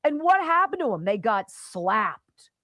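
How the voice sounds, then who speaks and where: A woman's voice: on the high side, sing-song, measured pace, a bit bright, no echo. A middle-aged woman hosting a talk radio show, delivering an opinionated monologue with sarcastic, punchy asides.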